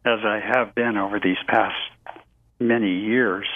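Male therapist guest, unhurried and reflective, dull dry remote audio. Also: on the low side, fairly even intonation. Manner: slow, measured, thoughtful. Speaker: psychotherapist guest. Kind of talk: reflective interview talk.

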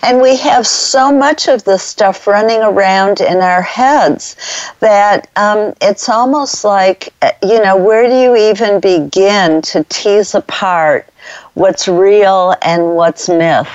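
Radio host, woman, very slow and thoughtful, dry muffled sound. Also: medium pitch, dry recording. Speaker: radio interviewer. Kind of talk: interview.

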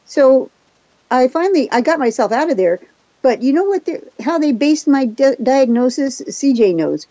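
Fast-talking woman on a radio show. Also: sits high, no echo, dull audio. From Japan. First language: Japanese. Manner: fast, animated, self-assured storytelling. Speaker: radio guest, therapist and hypnotist. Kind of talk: casual chat on a radio show.

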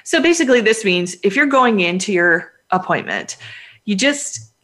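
A woman's voice: mid-range voice, lively intonation, normal speed, fairly bright tone. A woman veterinarian chats casually on a podcast. She talks at length and with firm emphasis, pressing advice on pet owners in a mid-range voice. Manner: talkative, emphatic, advice-giving.

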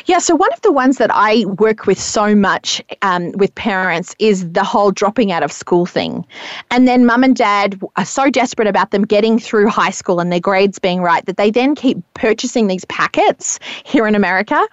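A woman who works as a parenting coach explains her methods in casual podcast chat, earnest and frequently adding "right?" to her points. Her mid-range voice is animated and moderately paced, and the recording is dry and lo-fi.

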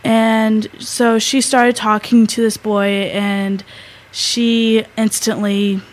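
A teenage girl co-hosting a talk show, telling a story in a halting way, with many fillers and restarts. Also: a little high, level tone, rough recording. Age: teens. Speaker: co-host. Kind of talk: casual storytelling.

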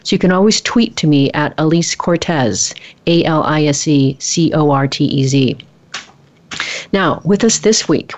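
A woman's voice: sits low, a little mellow. A woman hosting a talk radio show about work, upbeat and chatty as she introduces her guest. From United States. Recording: muffled lo-fi broadcast audio.

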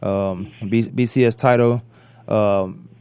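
A man hosting a sports talk radio show, rambling through animated opinions and correcting himself as he goes. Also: lowish voice, slow, clear, resonant tone, no echo.

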